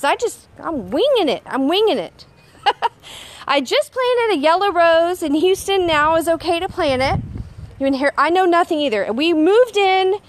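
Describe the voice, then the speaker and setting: A woman's voice: very high-pitched, fairly bright tone, a little hiss or hum. A woman in her thirties chatting casually in a garden, giving a bossy, self-teasing pep talk while working outdoors on camera. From Texas. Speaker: homesteading vlogger.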